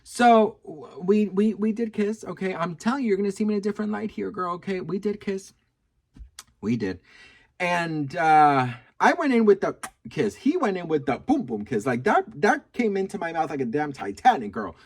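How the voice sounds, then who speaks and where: A man telling a gossipy story to camera, sassy and animated, swearing freely and calling his viewers "girl.". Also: sits high, normal speed. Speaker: video creator.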